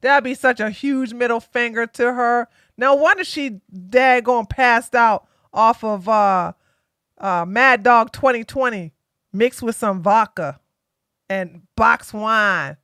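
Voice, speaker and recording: A woman's voice: a little high, slow, sharp tone, clean tone, no room sound, clean studio sound. A woman hosting a live stream, giving chatty, sarcastic commentary that rambles along. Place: home in Georgia.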